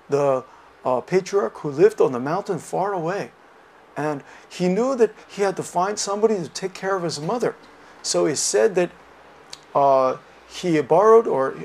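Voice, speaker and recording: Man, Buddhist teacher, lecture, hesitant with fillers, animated storytelling, fairly high voice, gravelly. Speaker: dharma teacher.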